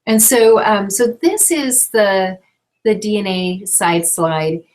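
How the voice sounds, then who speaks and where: A woman teaching a live online class over a call, chatty and gentle as she explains. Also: mid-range voice, takes it slowly. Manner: gentle, chatty, breaks off to soothe a baby. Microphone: call microphone.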